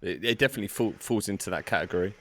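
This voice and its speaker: A man's voice: lowish voice, rapid-fire, fairly bright tone. A man co-hosting an album review, talking casually with lots of fillers and restarts. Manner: hesitant, many fillers and restarts. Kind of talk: casual chat about music.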